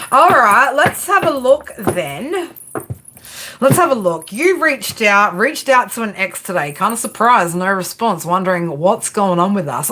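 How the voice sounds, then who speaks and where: A woman's voice: mid-range voice, bright, forceful tone, husky. Brash, sweary woman reading tarot live. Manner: brash, sweary, chatty, calls viewers girl and baby. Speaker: tarot reader.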